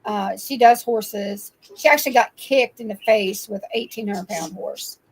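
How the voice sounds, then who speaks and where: A woman's voice: mid-range voice, moderate pace, low-quality recording. Older woman telling farm stories. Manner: animated storyteller, laughs often. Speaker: guest. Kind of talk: casual chat.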